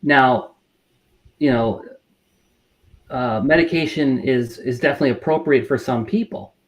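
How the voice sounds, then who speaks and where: A middle-aged man, a mental health counselor, answering interview questions in a measured way, full of fillers and restarts. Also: medium pitch. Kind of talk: interview guest.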